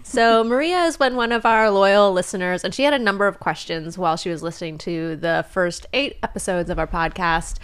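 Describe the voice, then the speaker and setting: Chatty woman cohost, smooth clear voice, laughs a lot, lots of "like". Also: lowish voice, fairly quick, few pauses. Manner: chatty, laughs easily, frequent "like" fillers. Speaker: podcast co-host. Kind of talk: casual chat.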